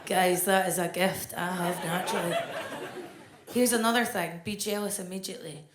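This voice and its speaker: A Scottish woman, a stand-up comedian, delivers a blunt, deadpan set on a comedy club stage in a lowish voice at normal speed. The recording is echoey, with crowd noise from the club.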